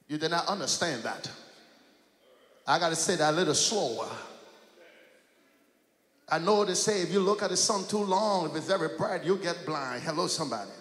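Male pastor, high gravelly voice, shouting call-and-response sermon, long church reverb. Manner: call-and-response preaching, often shouting and chanting. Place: large church sanctuary. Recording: echoey church hall.

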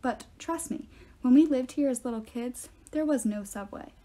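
An eager young girl, as a woman reading aloud puts her on, explaining plainly and confidently. Her voice sits a little high and mellow. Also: normal speed, natural voice.

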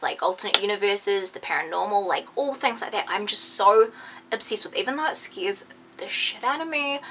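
A young woman chatting excitedly to her viewers in a casual vlog, full of "like" and quick asides. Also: mid-range voice, a little hiss or hum. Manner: excitable, animated, lots of "like". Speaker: beauty vlogger.

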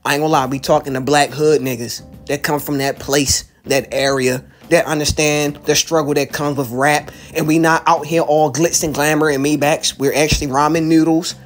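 A woman's voice: low-pitched, steady tone, moderate pace, hardly any pauses, soft background music. A woman from Baltimore, a YouTube commentator and rapper, delivering a hyped, profane reaction rant to camera and repeating phrases for emphasis.

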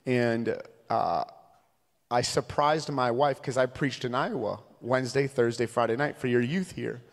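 A man in his thirties from Minnesota, working as a traveling evangelist, preaches a sermon full of humorous, conversational stories. His mid-range voice has lively intonation and an unhurried pace. The large church sanctuary gives the recording a long hall reverb.

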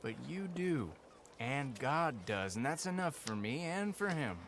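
A man's voice: a little high, sing-song, a little slow, a bit bright, a little hiss or hum. An actor playing a pious male charity collector in a video game, speaking earnestly and politely.

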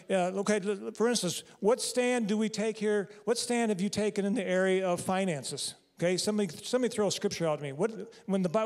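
A man preaching a sermon in a church, talking casually and quizzing the congregation. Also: sits high. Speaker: pastor. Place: church sanctuary.

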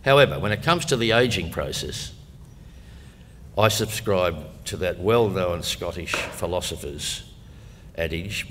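A man's voice: sits low, a bit bright, slight background noise. An older Australian man giving a humorous public talk, chatty and wry, with storytelling asides. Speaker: guest speaker. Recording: long hall reverb, faint room ambience.

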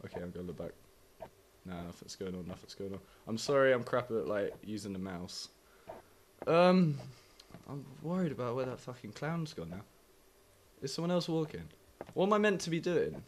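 A man's voice: mid-range voice, big pitch swings, normal speed, a little hiss or hum. A young man swearing and wisecracking while playing a horror game at home. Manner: sweary, jumpy, wisecracking reactions. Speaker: gaming YouTuber. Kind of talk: let's play commentary. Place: home flat.

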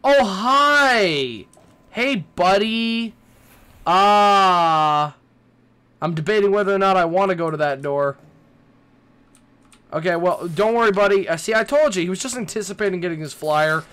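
A man's voice: sits high, fairly quick. A young man playing a horror game and commenting, nervous and rambling, swearing and talking back to the characters. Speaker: gaming YouTuber.

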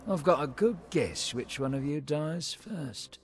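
A man's voice: on the high side, expressive, measured pace. An actor playing a grim, menacing male game character with a put-on Australian accent. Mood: taunting.

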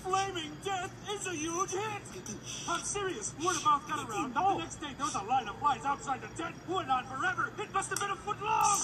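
P.T. Flea, a boastful bug ringmaster. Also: male voice, very high-pitched, expressive, fairly quick, background noise. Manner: showman patter, chuckling. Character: fast-talking greedy bug circus boss. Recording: distant film clip under loud music.

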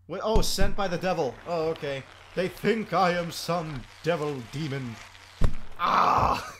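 A young man giving excitable, laugh-filled commentary while playing a video game, swearing freely. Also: a little high, measured pace. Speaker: gameplay commentator. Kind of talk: let's play commentary. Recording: noisy home recording.

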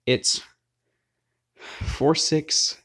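Excitable gamer swearing at a horror game. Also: very slow. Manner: excitable, loud outbursts, frequent swearing; talks straight to viewers. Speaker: gaming channel host. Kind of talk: let's play commentary.

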